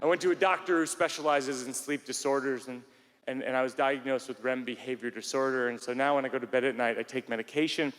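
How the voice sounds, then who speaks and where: A man telling a stand-up story in a rambling, self-mocking way, now and then bursting into shouts, on a theater stage. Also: mid-range voice, fairly even intonation, fast talker. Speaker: stand-up comedian. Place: large theater stage before a live audience. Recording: live hall recording with faint room noise.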